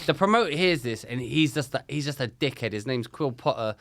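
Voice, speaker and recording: Lively, animated man telling stories. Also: mid-range voice, brisk, dry recording. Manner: animated, swearing, acts out quotes. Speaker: comedian podcast co-host. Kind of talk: casual storytelling chat. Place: shipping container studio.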